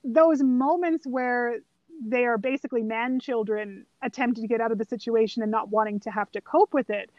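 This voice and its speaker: High-voiced woman chatting about a film. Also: normal speed, no room sound, highs cut off. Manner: animated storyteller, acts out quoted lines. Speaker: podcast co-host. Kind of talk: casual film discussion.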